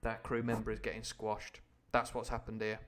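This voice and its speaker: A man's voice: lowish voice, monotone, normal speed, fairly bright tone. A man reading a classic adventure novel on a live stream, breaking off often for playful, irreverent explanations. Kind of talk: book reading with chatty asides.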